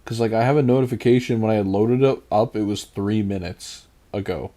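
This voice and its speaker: Low, mellow-voiced male game streamer. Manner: rambling, reads and answers chat aloud, quick chuckles. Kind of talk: casual live-stream chat.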